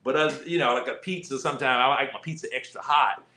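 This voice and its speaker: A man's voice: mid-range voice, fast talker, sharp tone. A man telling stories in a folksy, casual way as a guest on a talk show. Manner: folksy, repeats himself, laughs at his own stories. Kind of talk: casual conversation. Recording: roomy studio echo.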